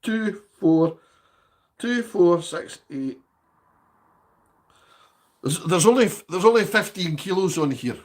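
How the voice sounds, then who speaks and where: A man's voice: high voice, animated, slow pace, pauses often. A Scottish man chatting casually on a live stream from his home, reading out viewer comments and asking for likes.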